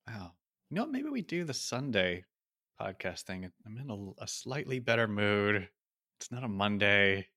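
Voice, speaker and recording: Bright easygoing man asking questions. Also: fairly low pitch, big pitch swings, normal speed. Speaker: podcast co-host. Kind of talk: casual podcast chat.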